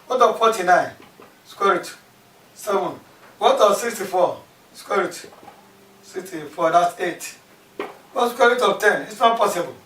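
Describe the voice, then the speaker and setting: A mathematics teacher leads a classroom lesson, repeating key terms and posing questions aloud. His high-pitched voice is lively in intonation, pushed and bright, and he speaks unhurriedly with frequent pauses. The recording sounds distant in an echoey room with faint background noise.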